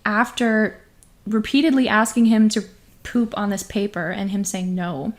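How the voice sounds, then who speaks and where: A woman's voice: mid-range voice, fairly even intonation, normal speed. A woman co-hosting a casual podcast, retelling an eerie story and laughing often as she talks. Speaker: podcast co-host.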